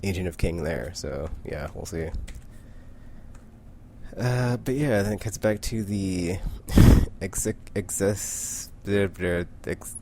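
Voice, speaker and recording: A man's voice: sits low, takes it slowly, mellow, slight background noise. A man casually recapping a comic book, rambling with lots of "like" and frequent self-corrections.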